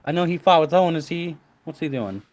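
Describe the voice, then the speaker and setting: Animated young-sounding male player. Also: on the high side. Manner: animated, swearing, halting restarts. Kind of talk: tabletop game chat.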